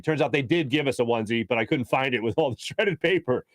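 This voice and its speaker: Energetic sports radio host, dry studio sound. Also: male voice, mid-range voice, very fast, hardly any pauses, no room sound. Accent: Philadelphia. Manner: rambling storyteller, energetic, many restarts. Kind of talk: casual sports talk show monologue. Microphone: studio microphone.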